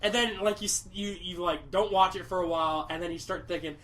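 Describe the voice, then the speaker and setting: A man's voice: high voice, fairly even intonation, fairly quick, fairly bright tone. A man hosting a podcast, chatting casually and rambling, with lots of swearing and restarts. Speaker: podcast host. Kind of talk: casual chat.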